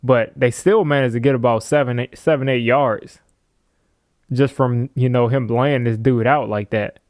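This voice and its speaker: A man talks through game tape in a loose, excitable way. He drops into mock scolding of the defenders and laughs at his own jokes. His voice sits at an everyday middle pitch, and the recording is close and dry with no room sound. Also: normal speed, no room sound. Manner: animated, playful trash-talk asides with chuckles. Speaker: football film analyst. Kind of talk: casual film breakdown commentary.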